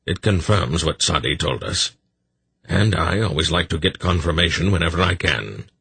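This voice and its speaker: A man voicing an old male sorcerer in an audiobook, dry and measured, with a gravelly, husky voice. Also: sits low, animated, fairly bright tone, no echo, full character voice. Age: older.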